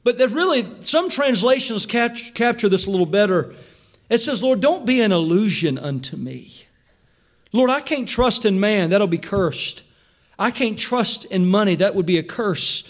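A man, preaching a sermon as pastor, rising to shouts and slowing down for emphatic quotes. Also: high-pitched, animated.

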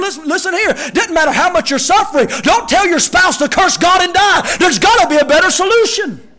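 A man preaching a sermon, acting out quotes and shouting key lines for emphasis. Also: extremely high pitch. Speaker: pastor.

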